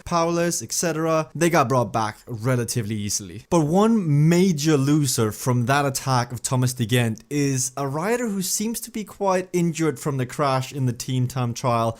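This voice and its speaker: A man hosting a cycling news show, giving a chatty, enthusiastic recap and analysis of a race stage. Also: on the high side. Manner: chatty and enthusiastic, with frequent "I mean" asides.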